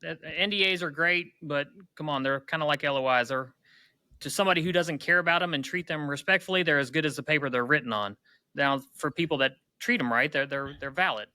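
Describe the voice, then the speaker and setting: A man's voice: a little high, a little fast, bright, forceful tone, no room sound. A man co-hosting a business podcast as an advisor, giving frank, direct advice in casual talk. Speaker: business broker and podcast co-host.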